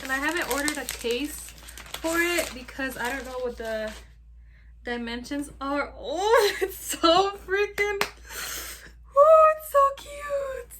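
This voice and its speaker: A woman's voice: a little high, background noise. A young woman vlogger unboxing on camera, giddy and giggly, with casual swearing. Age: young adult. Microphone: camera filming hands, face off screen.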